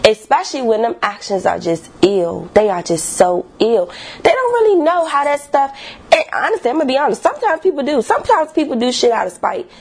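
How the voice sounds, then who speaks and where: A woman vlogger talking candidly and casually about her own life, animated and conversational, with slang and the odd swear word. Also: a little high, slightly rough. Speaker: vlogger sharing personal experience. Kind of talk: candid casual talk to camera.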